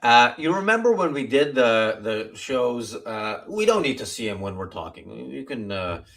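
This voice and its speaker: A man's voice: medium pitch, very animated, a bit bright. A man hosting a political commentary show, talking in an opinionated way and stalling often on fillers. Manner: opinionated, halting with many fillers. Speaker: host.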